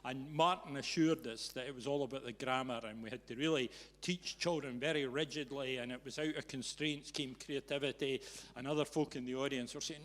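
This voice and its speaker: A man hosting a live event, telling a story to an audience in a teasing, animated way. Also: medium pitch, brisk, hardly any pauses. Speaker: event host. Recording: reverberant hall.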